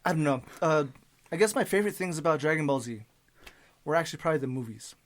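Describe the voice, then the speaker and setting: A young man co-hosting a casual podcast chat, talking in a relaxed, hesitant way with pauses and light laughter. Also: on the high side. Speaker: podcast co-host.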